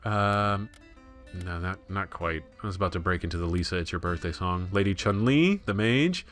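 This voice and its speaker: A man's voice: fairly low pitch, expressive, moderate pace, a bit bright, soft background music. A young American man giving rambling, self-deprecating gameplay commentary. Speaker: let's play gamer.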